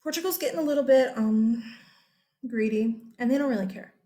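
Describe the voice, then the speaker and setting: A chatty, animated woman teacher takes her class through a history lesson using slides, often checking in with "okay?". Her voice sits on the higher side and she speaks briskly.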